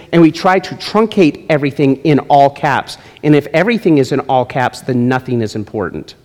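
A man's voice: a little high, darkish tone. A male pastor preaching a sermon in a church, with emphatic delivery and playful asides. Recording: long hall reverb.

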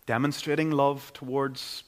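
A man's voice: mid-range voice, level tone, unhurried. A man with a Northern Irish accent preaching a sermon in a church, in an earnest, conversational way. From Northern Ireland. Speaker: pastor.

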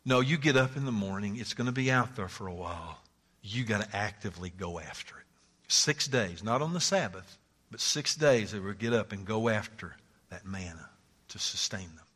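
A man preaching a sermon, swinging between loud exclamations and hushed asides, often laughing. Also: on the low side, animated, moderate pace, breathy edge. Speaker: pastor. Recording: hall reverb.

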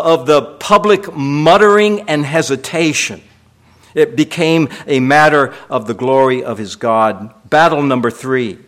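A man delivering a sermon as pastor, emphatic and repetitive, asking rhetorical questions. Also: fairly high pitch.

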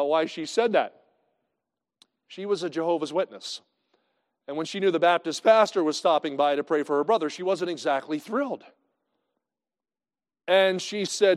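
A male pastor preaching a sermon in a conversational way, swinging from loud to hushed. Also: a little high, big-room sound.

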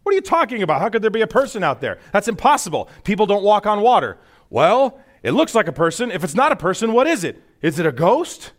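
A man voicing panicked disciples on a boat at night, firing rapid questions back and forth. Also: high voice, big pitch swings, voice pushed up. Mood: alarmed. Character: panicked men on a storm-tossed boat.

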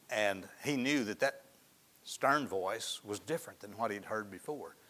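A man preaching a sermon in a folksy storytelling way, often dropping to soft, hushed tones. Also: on the low side. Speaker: pastor.

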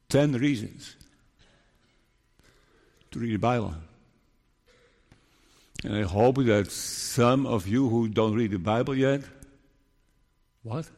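Male pastor, slow deliberate sermon, long hall reverb, earnest and emphatic. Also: medium pitch, darkish tone. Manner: earnest, questioning, builds to emphatic peaks.

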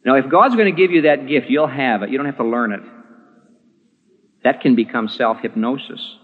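A male pastor delivering a sermon in a church, his voice climbing for emphasis and sinking low again. It sits at a middling pitch and rings with long hall reverb. The recording sounds dull and lo-fi. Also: moderate pace. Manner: emphatic, rising to stress points then dropping low.

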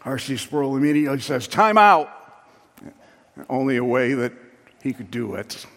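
A man preaching a sermon with passion, building to loud emphatic peaks. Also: medium pitch, a little fast, big-room sound.

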